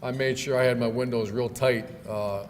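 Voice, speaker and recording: Speaking at a moderate pace, this middle-aged man has a medium-pitched voice and fairly level intonation. He's a football coach invited as guest speaker at a club event, spinning folksy stories with fillers and false starts. Long reverb from the banquet hall and faint room noise come through in the recording.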